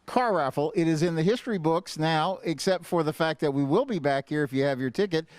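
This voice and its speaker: A man's voice: fairly high pitch, a little fast, darkish tone, no room sound. A man co-hosting a charity event, giving upbeat, thankful closing remarks. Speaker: event co-host.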